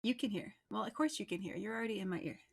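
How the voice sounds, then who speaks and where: A woman hosting a casual livestream interview show, chatty and bubbly and quick to laugh. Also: mid-range voice, gravelly, slightly rough. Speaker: host.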